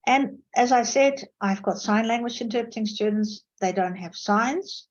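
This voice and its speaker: A Dutch interpreting lecturer from the Netherlands tells anecdotes during an online academic seminar, her storytelling marked by emphatic pitch jumps. She speaks at normal speed over a video call microphone, and the highs are cut off.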